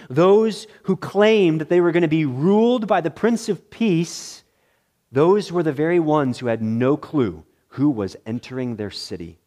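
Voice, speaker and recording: A male pastor preaching a sermon, swinging between loud excitement and hushed, somber tones, with deliberate repeated phrases. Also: fairly high pitch.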